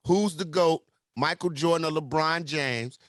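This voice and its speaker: A man's voice: on the high side, fairly bright tone, no echo. Male morning host, playful, dry studio voice. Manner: joking, laughs along, quick questions. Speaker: radio host. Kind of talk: casual radio interview.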